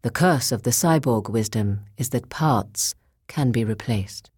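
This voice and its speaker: A woman reading the lines of a calm, cryptic male cyborg with a deep, resonant voice, in terse, measured replies. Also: breathy edge, no echo, clean studio sound, heavily acted. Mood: cool.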